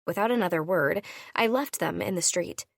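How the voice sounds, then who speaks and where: A woman reading a first-person audiobook, voicing each character with her own shifts in pitch. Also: moderate pace, creaky, dry recording, studio quality. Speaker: audiobook narrator.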